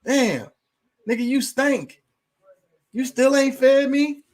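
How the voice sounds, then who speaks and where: A man voicing a rude, impatient house cat that demands to be fed, in a high, mocking, profane voice. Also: takes it slowly, darkish tone. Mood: demanding.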